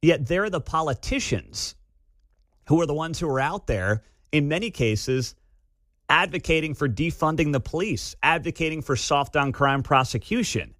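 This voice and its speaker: Here a radio host with a slightly high voice delivers sarcastic, spirited commentary at normal speed. He's recorded in a studio on a studio microphone, with no room sound.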